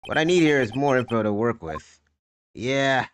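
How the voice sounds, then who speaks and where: A man's voice: mid-range voice, lively intonation, moderate pace, slight background noise. Joking young man streaming a game. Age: young adult. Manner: joking, slangy and loose. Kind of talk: casual live game commentary.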